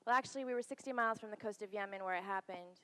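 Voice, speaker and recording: A woman's voice: medium pitch, very fast. A woman Navy veteran telling a candid personal story on stage, acting out the people she quotes. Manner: candid, quotes others in lively voices. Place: theater stage. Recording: hall reverb.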